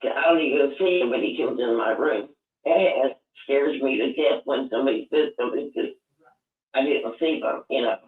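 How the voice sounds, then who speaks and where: Heartfelt male caller on a phone line. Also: medium pitch. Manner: heartfelt, slow and halting. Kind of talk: call-in show chat. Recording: tinny phone line, echoey.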